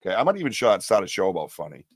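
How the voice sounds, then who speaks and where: A man's voice: low voice, very animated, racing, dry recording. A man hosting a live podcast, chatting loosely, joking and rambling in slang. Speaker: podcast host. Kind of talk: casual live-stream chat.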